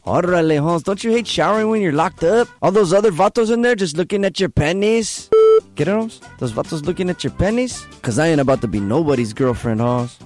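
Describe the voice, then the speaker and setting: A man plays a boastful puppet who rattles off slang with a put-on Mexican flavor. His voice sits high and swoops all over. Faint music runs under him. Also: animated, brisk, a little mellow, lightly acted. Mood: cocky. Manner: slangy, boastful, keeps saying "Holmes". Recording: prerecorded bit with faint music.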